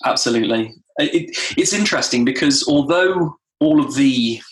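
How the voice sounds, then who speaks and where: A man, a guest trainer in a podcast interview, telling stories animatedly and acting out quotes. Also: moderate pace. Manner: animated storytelling, acts out quotes with rising pitch. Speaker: guest, time management trainer. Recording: roomy echo.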